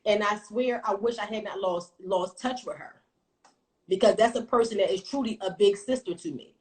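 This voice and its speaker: A woman in her thirties telling a personal story on a casual livestream, blunt and profane, with animated storytelling. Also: medium pitch, normal speed, rough recording. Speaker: livestream host.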